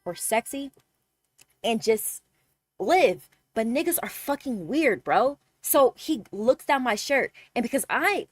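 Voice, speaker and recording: A young woman streamer telling a casual story with animated, exasperated energy and lots of swearing. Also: fairly high pitch, takes it slowly, no echo.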